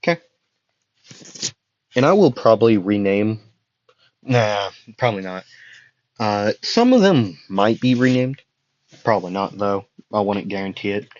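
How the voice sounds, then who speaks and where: Slow, rambling young man, dull lo-fi mic. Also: lowish voice, expressive, no echo. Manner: rambling, self-correcting, jokey. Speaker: fan story narrator. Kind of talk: casual rambling storytelling.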